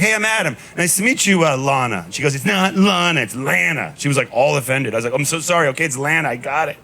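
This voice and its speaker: A man in his thirties doing a stand-up comedy set on a club stage, telling stories in a deadpan way with punchy asides. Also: fairly high pitch. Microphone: handheld stage mic. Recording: live club recording with noise. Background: audience laughter.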